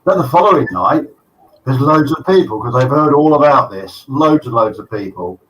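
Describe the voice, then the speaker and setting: Animated joke-telling man, distant mic. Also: medium pitch, normal speed. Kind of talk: live show chat, joke telling. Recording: distant mic, faint noise.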